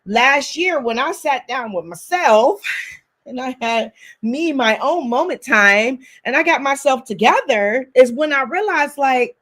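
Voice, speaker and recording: A woman in her twenties co-hosting a couples podcast, telling her side in an emphatic, animated casual chat. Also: high voice, a little slow. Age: 20s. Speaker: podcast co-host.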